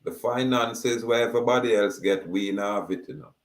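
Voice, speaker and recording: A man's voice: fairly low pitch, reverberant, rough recording. A man with a Jamaican accent giving an emphatic monologue, drawing out his words as he declaims. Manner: slow, drawn-out, declaiming. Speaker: speaker.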